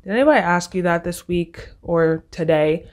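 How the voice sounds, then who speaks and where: A woman's voice: on the low side, moderate pace. A young woman in college hosting her own podcast, talking to listeners in a chatty, sarcastic way. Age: young adult. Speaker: podcast host. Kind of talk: casual solo podcast chat.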